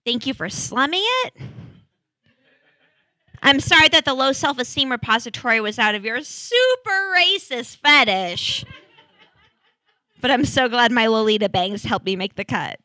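Young female stand-up comic, high, very bright voice, dry close sound, rambling and self-deprecating. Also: no echo. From Seattle. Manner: self-deprecating, rambling, quick bursts of loud excitement. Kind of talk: stand-up comedy set.

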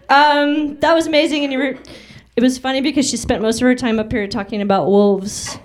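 A woman's voice: high voice, a little fast, a crowd in the background, noisy background. A woman hosting a comedy night, introducing acts in an upbeat way with many ums. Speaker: comedy show host. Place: comedy club stage.

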